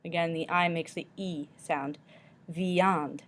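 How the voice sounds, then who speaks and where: Slow, careful woman teaching pronunciation. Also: lowish voice, steady tone, fairly bright tone. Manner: slow, careful, models each word twice. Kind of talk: recorded pronunciation lesson.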